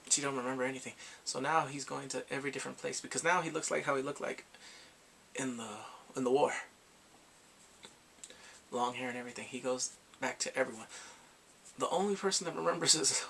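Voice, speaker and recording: Gravelly, bright-voiced excited man. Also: medium pitch, a little fast, pauses often, a little hiss or hum. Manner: animated, emotional, acts out the characters' lines. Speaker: drama reviewer. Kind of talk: excited casual plot recap.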